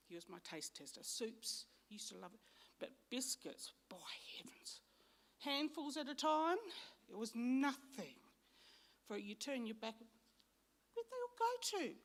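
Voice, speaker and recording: A woman's voice: fairly high pitch, gravelly, a bit bright. An Australian woman giving a funeral eulogy in a church, chatty and anecdotal, fond and close to tears. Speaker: eulogy speaker.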